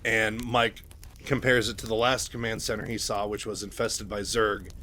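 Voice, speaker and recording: A man's voice: lowish voice, flat delivery, normal speed, sharp tone, a little hiss or hum. A young man casually retelling a book's story, chatty and full of asides and fillers. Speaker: channel host.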